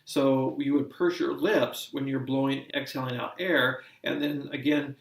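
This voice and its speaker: A man lectures in a measured, explanatory way, the way an instructor walks a class through a topic. His voice sits at an ordinary pitch for a man. It is picked up from a distance in a space with a noticeable room echo. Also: fairly even intonation, vocal fry. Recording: roomy sound from a distant mic.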